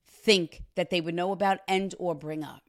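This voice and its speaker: A woman working as a psychic medium, giving a reading and passing on messages with gasps and animated asides. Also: fairly low pitch, moderate pace. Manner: animated, gasping, relays spirit messages.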